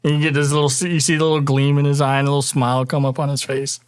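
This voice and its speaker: A man narrating a tabletop game as dungeon master, relaxed, with fillers. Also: on the high side, racing, clean tone, no room sound, studio quality.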